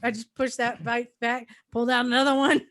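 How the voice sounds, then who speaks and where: A woman's voice: on the high side, little pitch movement, a little fast, a bit bright. A woman co-hosting a motorcycle podcast, playful and casual. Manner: playful, laughs easily. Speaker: podcast co-host.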